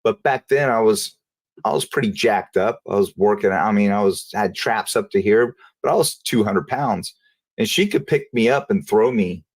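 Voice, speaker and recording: As an interview guest, a man tells a personal story in a casual, halting way, often repeating and restarting phrases. His voice is lowish and the recording is dry.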